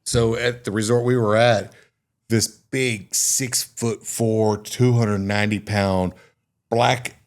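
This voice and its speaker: A Texan man with a fairly low voice hosts a loose, casual podcast conversation. He tells stories with energy, swears freely and acts out the people in them. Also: steady tone, slow pace. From Texas. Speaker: podcast host. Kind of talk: casual storytelling chat.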